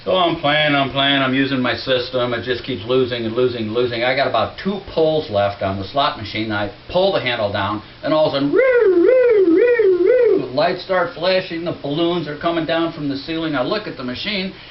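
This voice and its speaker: A man's voice: mid-range voice, animated, fairly quick, few pauses, distant mic. A male stand-up comedian on a comedy club stage, telling a story in a conversational way that builds to punchlines. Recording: dull roomy club recording with faint hiss.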